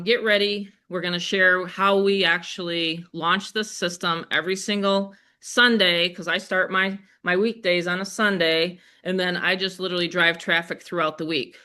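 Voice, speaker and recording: An older woman with a Western New York accent, hosting a live webinar sales pitch in a chatty, upbeat way, speaking straight to her audience. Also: pushed and bright. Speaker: webinar host.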